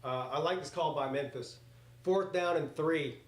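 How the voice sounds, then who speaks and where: Chatty guy live-reacting to a football game, a bit high voiced, echoey room. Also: measured pace. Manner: rambling, excitable, swears casually. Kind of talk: casual live play-by-play reaction. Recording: roomy echoey home setup.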